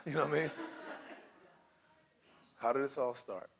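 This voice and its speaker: A man's voice: medium pitch, unhurried, gravelly, background noise. A man leading a church class on conflict, speaking in a loose, conversational way. He keeps slipping into quoted voices and laughing as he makes his points. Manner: animated, acts out quoted voices, laughs often. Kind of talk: conversational teaching.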